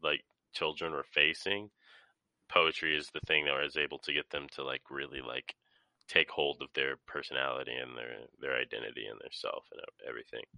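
A man with an extremely deep voice and a forceful, bright edge offers thoughtful points in a casual movie chat. He speaks reflectively, pausing over his words, in a dry, close recording. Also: steady tone, vocal fry, dry recording.

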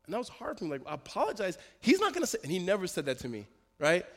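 A male pastor telling a personal story in a sermon, in a lively storytelling manner with quick restarts. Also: high voice. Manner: storytelling, animated, self-interrupting with laughs. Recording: long hall reverb.

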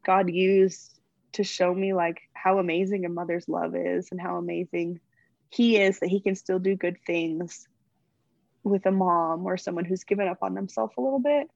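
A young woman athlete being interviewed, chatting warmly and gushing, getting emotional as she talks about her faith. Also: on the low side, steady tone, moderate pace, creaky, no room sound, dull audio. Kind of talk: casual interview.

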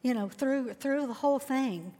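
A woman's voice: sits high, normal speed, warm tone. A woman, sharing a heartfelt faith testimony as a guest. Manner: earnest, heartfelt storytelling. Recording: long hall reverb.

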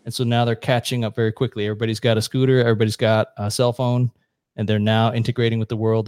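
An American man on a podcast, explaining history in a blunt, profane, brisk storytelling way. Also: on the low side, darkish tone, no echo, clean studio sound. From United States. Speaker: podcast guest. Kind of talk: casual explanatory chat.

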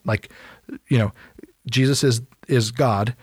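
A man's voice: mid-range voice, a little fast, no echo, studio quality. A man co-hosting a podcast, explaining Bible passages in casual chat and acting out the quotes as he goes. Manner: animated storytelling, acts out quotes. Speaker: podcast co-host.

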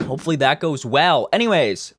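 A man's voice: fairly high pitch, big pitch swings, brisk, a bit bright, breathy edge, no echo. Young guy ranting about the news, swears a lot, sarcastic, voice jumps all over, super dry sound. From Canada. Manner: profane, exasperated, sarcastic. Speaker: political commentary host.

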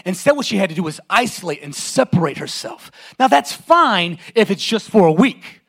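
Impassioned high-voiced male preacher. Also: very animated, moderate pace, creaky. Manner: impassioned, dramatic, calls to the congregation. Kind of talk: sermon.

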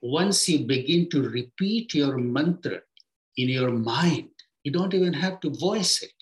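Unhurried and expressive, a man gives a spiritual teacher's reflective talk, with his voice settling low and soft at the end of each phrase.

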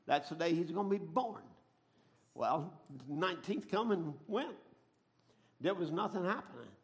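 A middle-aged man preaching a sermon, telling stories dramatically and swinging from a hush to a shout. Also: on the high side, gravelly. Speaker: pastor.

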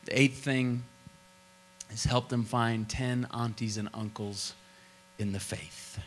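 A man's voice: medium pitch, steady tone, slow pace, a little hiss or hum, low-quality recording. A middle-aged man from Oklahoma preaching a sermon as pastor, with an emphatic, repetitive cadence.

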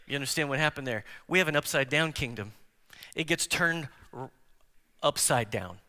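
A pastor in full preaching mode, his fairly high voice bright and ringing. He swings from loud, emphatic declarations down to hushed near-whispers and keeps checking in with the congregation. Long reverb from the church sanctuary trails behind every line. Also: animated, moderate pace. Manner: engages the congregation with direct questions. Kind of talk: sermon.

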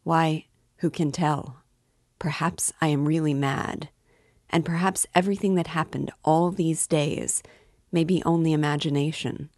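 A woman voicing a brooding, feverish young man in an audiobook reading, with a slow, uneasy, halting delivery. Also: sits low, fairly even intonation, a little mellow, dry recording, studio quality.

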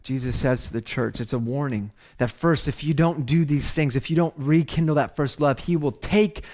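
A male pastor delivering an impassioned sermon, swinging from loud exhortation to hushed, emotional moments. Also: a little high, normal speed.

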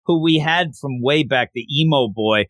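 A man casually recapping a manga story, animated and acting out the characters' lines as he goes. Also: medium pitch, normal speed, dry recording.

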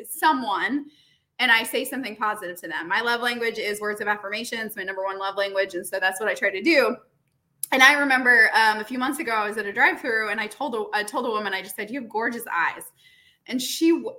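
A woman talking earnestly in a casual conversation, with lots of "like" and "you know". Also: a little high. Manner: earnest, animated, many fillers.

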